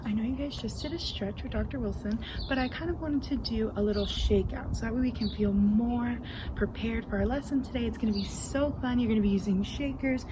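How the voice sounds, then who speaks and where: A young woman, a student choir coach, leading a casual warm-up outdoors in an upbeat, chatty way. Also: on the high side. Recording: clear outdoor background noise.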